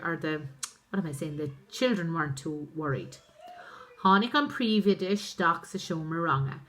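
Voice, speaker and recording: A woman, a primary school teacher reading a story aloud and explaining each phrase in plain terms. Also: lowish voice. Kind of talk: reading and translating a story for pupils.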